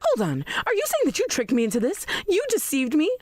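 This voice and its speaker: A woman plays a shrill, self-righteous middle-aged mother whose voice leaps up and down with indignation. Her high voice is dry and close, with soft music underneath. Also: wildly swooping pitch, fairly quick, dry recording. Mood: defensive. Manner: dramatic, sweeping pitch swings. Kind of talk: text-message drama voice acting.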